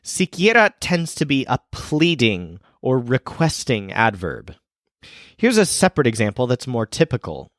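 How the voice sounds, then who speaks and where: Male teacher-host, lively delivery, dry close mic. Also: mid-range voice, no room sound. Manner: explains clearly, slows down for example sentences. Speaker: language teacher. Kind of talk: scripted teaching narration.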